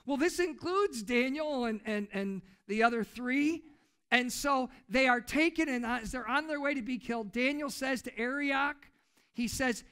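Male pastor with a forceful, bright voice; emphatic storyteller preaching to his congregation. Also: very high-pitched, unhurried, clear, resonant tone. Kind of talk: sermon. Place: church service.

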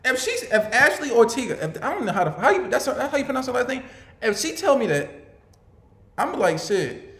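A young man giving casual reaction commentary, animated and swearing, laughing often and stumbling over repeated words. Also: very high-pitched, a little fast. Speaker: reaction video host. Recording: roomy echo.

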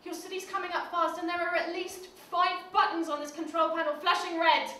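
A woman's voice: very high voice, little pitch movement, fairly quick, pushed and bright, a little hiss or hum. An actress auditioning as a panicked young woman mail-plane pilot, flustered and stammering. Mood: terrified. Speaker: auditioning actor. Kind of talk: audition scene reading. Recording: echoey room, distant mic.

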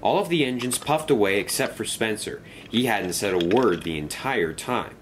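Man narrating a storybook, lively delivery. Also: on the low side, normal speed, a little hiss or hum. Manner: expressive, lively reading.

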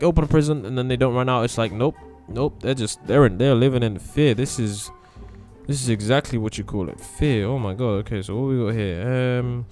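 Excitable man narrating his gameplay. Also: medium pitch. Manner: excitable, exclaiming often, thinking aloud. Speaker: gaming channel host. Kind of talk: let's-play gameplay commentary.

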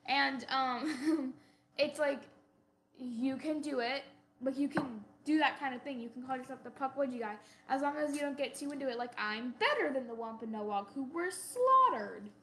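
High-voiced woman, halting speech. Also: fairly even intonation, a little hiss or hum. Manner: halting, searching for words. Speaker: podcast co-host. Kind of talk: casual chat.

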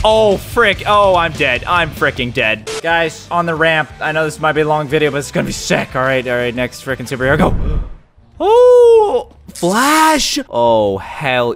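A young man giving excited, hyper gameplay commentary, yelling and swearing mildly. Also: mid-range voice. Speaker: gaming YouTuber. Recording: music playing under voice.

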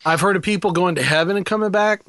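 Bright-voiced joking preacher man. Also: sits high, quick pace, no echo. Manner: joking, rambling storyteller. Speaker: preacher and guest. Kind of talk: casual banter.

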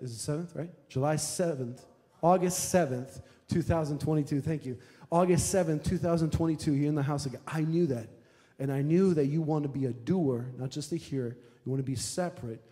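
Fiery preacher. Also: male voice, fairly high pitch, brisk, hardly any pauses. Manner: emphatic, repetitive preaching that builds to shouts. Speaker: pastor. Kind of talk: sermon. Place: church sanctuary. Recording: echoey hall reverb.

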